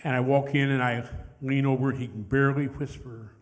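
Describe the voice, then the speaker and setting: A man leading a congregation in hymns, who pauses to tell a story in a soft, heartfelt voice that sinks very quiet. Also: medium pitch, steady tone. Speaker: worship leader and chaplain. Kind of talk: hymn leading with spoken testimony. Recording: reverberant hall with loud music.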